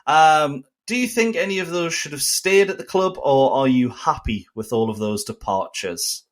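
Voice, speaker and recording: A man hosting a casual football podcast, chatty and upbeat and quick to laugh. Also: a little high, expressive. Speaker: podcast host.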